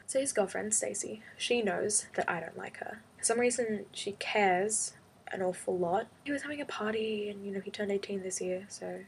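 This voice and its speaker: A young woman vlogging, telling a school drama story in an exasperated, animated casual rant. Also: medium pitch, moderate pace, vocal fry, a little hiss or hum. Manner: exasperated, animated retelling with quoted back-and-forth. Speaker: high school student.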